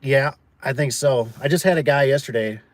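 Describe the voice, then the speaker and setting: A man's voice: medium pitch, normal speed, no room sound. A man who owns a door and gate business, chatting casually and telling stories full of fillers and acted-out quotes. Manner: storytelling, acts out quoted people, lots of fillers. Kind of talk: casual rambling livestream chat.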